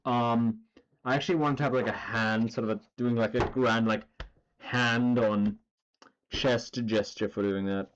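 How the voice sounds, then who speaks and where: A man's voice: mid-range voice, fairly even intonation, measured pace, lo-fi sound, background noise. Rambling man on a drawing stream. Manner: rambling, filler-heavy, swearing. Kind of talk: casual chat while drawing.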